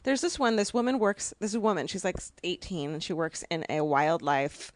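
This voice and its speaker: A woman co-hosting a casual podcast chat, gushing and excitable, often laughing. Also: on the low side, fairly quick, dry recording. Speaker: podcast co-host.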